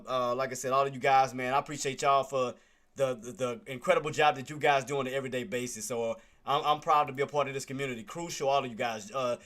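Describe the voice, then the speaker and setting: A man's voice: medium pitch, bright, forceful tone. A man hosting a trading livestream, talking in a laid-back, grateful way with plenty of fillers. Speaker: stream host. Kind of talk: casual livestream chat.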